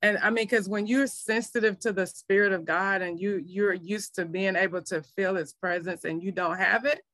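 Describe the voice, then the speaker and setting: A woman's voice: mid-range voice, fairly even intonation, moderate pace, fairly bright tone, no room sound. A middle-aged woman pastor, telling her faith story in an earnest, emotional way. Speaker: pastor and minister. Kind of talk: testimony in a faith interview.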